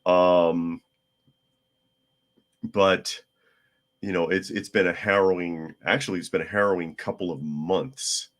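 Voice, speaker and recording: A hoarse man hosting a casual news talk podcast, chatty with wry asides. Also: low voice, steady tone, unhurried, long pauses, a bit bright. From United States. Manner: chatty, wry asides, talks to his cat. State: hoarse from a cold. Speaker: podcast host.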